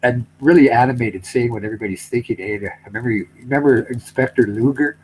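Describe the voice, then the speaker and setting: A man's voice: medium pitch, quick pace, darkish tone, a little hiss or hum, low-quality recording. Rambling, swearing male storyteller. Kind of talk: casual comic chat.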